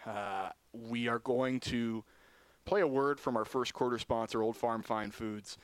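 A young man doing live play-by-play commentary for a university football game. His delivery is upbeat and quick, but in places it turns somber and shaken. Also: medium pitch, steady tone, clean tone, no room sound.

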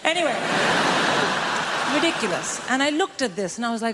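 A woman's voice: on the high side, unhurried. Brash woman comic on a reverberant stage. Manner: brash, animated storytelling with acted-out quotes. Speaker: stand-up comedian. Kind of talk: stand-up comedy set. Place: comedy stage before a live audience. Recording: stage mic in a reverberant hall with audience noise.

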